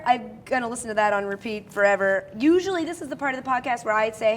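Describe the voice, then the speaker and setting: A woman hosting a podcast taped live, quick-witted and laughing easily. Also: on the high side, soft background music. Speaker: podcast host. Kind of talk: casual podcast chat. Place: live podcast taping before an audience.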